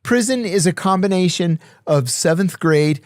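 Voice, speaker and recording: A man's voice: high voice, normal speed, no echo, studio quality. A middle-aged man, a podcast guest, telling stories in casual conversation and acting out the dialogue. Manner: animated storyteller, acts out dialogue. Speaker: podcast guest, former intelligence officer. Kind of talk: casual storytelling.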